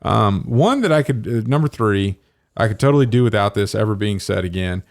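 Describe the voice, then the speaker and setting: A man's voice: lowish voice, expressive, brisk, creaky. A man co-hosting a casual podcast chat, joking and playing with words. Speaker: podcast co-host.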